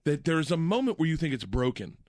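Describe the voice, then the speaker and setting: A man's voice: a little high, brisk, dry recording, clean studio sound. A man in his forties telling wild stories in a casual chat, laughing often and acting out what people said. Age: 40s. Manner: animated, laughing storyteller acting out quotes.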